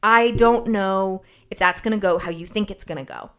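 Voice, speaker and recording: A woman podcast host telling a story in casual chat, animated, sarcastic and freely profane. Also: mid-range voice, moderate pace.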